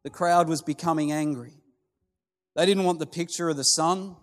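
A man telling a parable in a sermon, in a slow, dramatic storytelling way. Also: fairly high pitch, fairly even intonation. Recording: long hall reverb with soft music.

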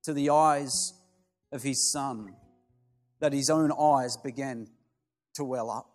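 A man telling a parable in a sermon, in a slow, dramatic storytelling way. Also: mid-range voice, steady tone. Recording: long hall reverb with soft music.

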